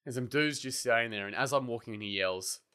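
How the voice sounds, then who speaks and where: A young Australian man co-hosting a podcast, telling stories in a casual, animated way and swearing freely. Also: medium pitch, quick pace, clean tone. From Western Australia. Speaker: podcast co-host. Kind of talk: casual chat.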